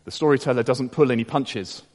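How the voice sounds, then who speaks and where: A man preaching a sermon, dropping to hushed low tones and rising to emphatic peaks. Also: fairly even intonation, a little fast. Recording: long reverb of a large hall.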